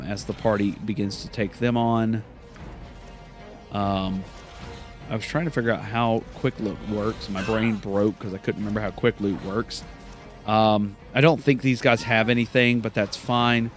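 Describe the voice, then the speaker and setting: A man hosting a let's play, giving casual gameplay commentary, rambling and correcting himself with many fillers. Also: lowish voice.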